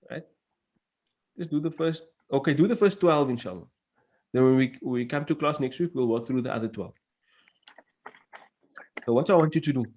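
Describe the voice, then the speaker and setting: A man's voice: medium pitch, darkish tone. A man teaching an Arabic grammar class in English, explaining step by step and reading out Arabic phrases.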